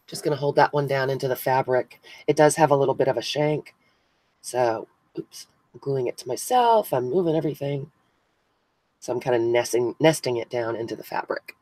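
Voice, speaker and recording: The host of this craft live stream speaks fairly quickly in a rumbling low, slightly mellow voice. Indoors at her crafting table, she glues buttons, thinks out loud and talks to viewers by name, recorded without echo in low quality.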